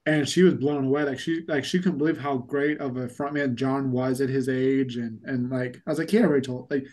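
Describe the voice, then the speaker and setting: A man's voice: mid-range voice, steady tone, normal speed, darkish tone. Chatty rambling male podcast host. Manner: rambling storyteller, many fillers like "like". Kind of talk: casual chat.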